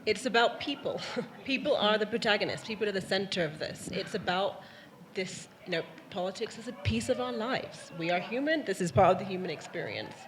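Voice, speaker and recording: A woman's voice: mid-range voice, lively intonation, a little fast, background noise. A woman moderating a panel discussion, emphatic and fond of repeating phrases for effect.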